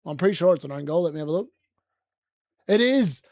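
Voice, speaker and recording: A man hosting a casual live football watchalong, excitable and shouting when goals go in. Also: fairly high pitch, racing, no echo. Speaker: watchalong host. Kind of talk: casual live match commentary.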